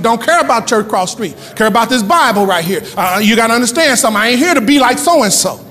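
A male pastor preaching a sermon in a church, moving between quick asides and loud shouted lines. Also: very high-pitched, animated, long reverb tail. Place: church sanctuary.

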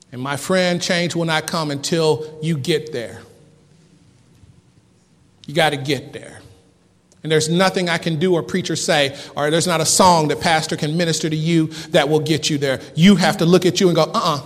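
A man preaching a fervent sermon as pastor, with dramatic pauses and big swings between loud and soft. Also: on the high side. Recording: long hall reverb.

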